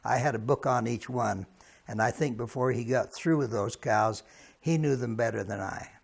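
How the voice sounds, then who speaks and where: A man's voice: mid-range voice, moderate pace, creaky. A man recalling his grandfather in an amused, folksy way. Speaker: grandson, former dairy farmer. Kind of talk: oral history reminiscence.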